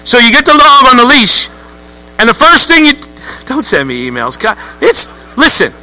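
Male pastor, high and very bright voice, lively joking sermon delivery. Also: normal speed, faint music behind, rough recording. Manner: lively, joking, acts out voices with rising outbursts. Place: church sanctuary with congregation.

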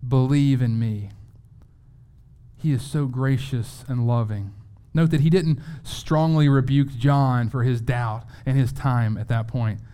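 Guy preaching, earnest and chatty, stumbles and restarts a lot, medium pitch. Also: dark tone, smooth. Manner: reads scripture aloud slowly. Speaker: pastor. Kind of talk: sermon.

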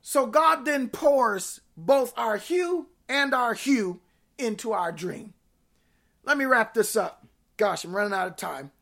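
A woman preaching a sermon, repeating phrases in a rhythmic build, rising to shouts and then dropping to hushed tones. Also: fairly high pitch, animated, slow pace, creaky.

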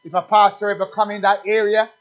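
High-voiced preacher in full sermon. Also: male voice, little pitch movement, quick pace, muffled recording. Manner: call-and-response preaching, rising to loud emphatic peaks.

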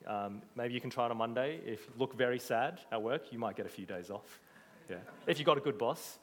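Male preacher, mid-pitched, emphatic and earnest, echoing church hall. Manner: earnest, emphatic, rhetorical questions. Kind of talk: sermon.

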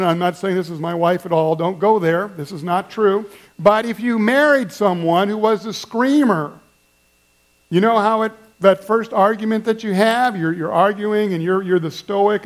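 A man preaching a sermon as pastor, conversational and playful, speaking directly to his congregation. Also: sits high. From German family background.

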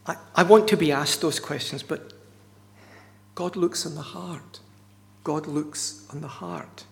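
Male preacher, gravelly, emphatic sermon delivery, recorded with long hall reverb. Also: a little high, steady tone, slow pace, fairly bright tone. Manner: earnest, emphatic, repeats key words.

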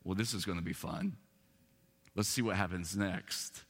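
A man voicing two playful, wry angels in a sermon, speaking in a hushed, teasing way. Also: mid-range voice, normal speed, big-room sound, natural voice.

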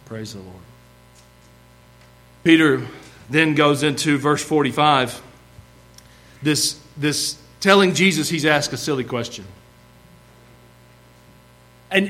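A man preaching a sermon in a folksy, animated way, acting out bits of the story as he goes. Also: a little high.

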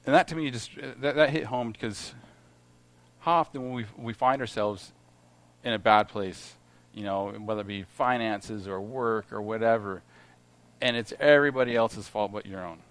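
A man's voice: on the low side, moderate pace, a bit bright, no room sound. A middle-aged man giving an informal Bible teaching, reading verses aloud and then explaining them with many restarts and fillers. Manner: reads scripture aloud then comments conversationally. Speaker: lay preacher at a Bible study.

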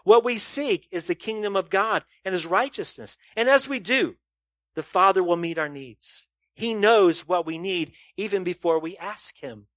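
A man delivering a sermon to his congregation, asking rhetorical questions and swinging between loud emphasis and quiet, low asides. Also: normal speed, no echo, studio quality. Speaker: pastor.

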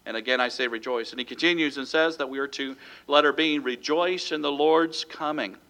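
Bright-voiced preaching pastor, man. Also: on the high side, brisk. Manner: preaching with frequent "amen?" calls to the congregation; reads scripture aloud and breaks it into numbered points. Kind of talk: sermon.

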